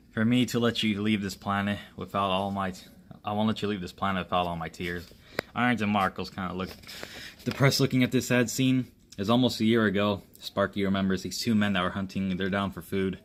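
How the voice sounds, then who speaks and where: Low-voiced man rambling through a homemade story. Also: a little hiss or hum. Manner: rambling, halting delivery with frequent restarts. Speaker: amateur storyteller. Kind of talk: improvised story narration with voiced lines.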